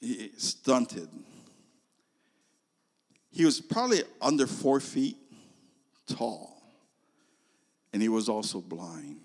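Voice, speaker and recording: A man telling a story as a sermon, animated, swinging from loud to hushed. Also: fairly low pitch, takes it slowly, long pauses, in a large hall. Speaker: preacher.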